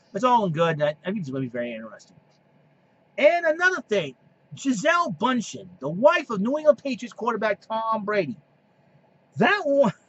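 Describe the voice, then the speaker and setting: A man hosting a solo sports and wrestling podcast. He rambles and restarts his sentences, then slides into heated rants that scold opposing fans. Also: sits high. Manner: rambling, repeats himself and restarts. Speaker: podcast host. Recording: dull lo-fi recording.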